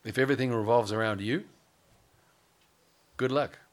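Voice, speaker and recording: A man's voice: medium pitch, moderate pace. A male pastor preaching a sermon, mixing scripture with casual asides and humor.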